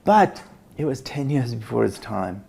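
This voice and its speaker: Gravelly older man telling his story. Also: medium pitch, very animated, measured pace, mellow. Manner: anecdotal, with restarts and quoted dialogue. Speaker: business educator, interviewee. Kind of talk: reflective storytelling.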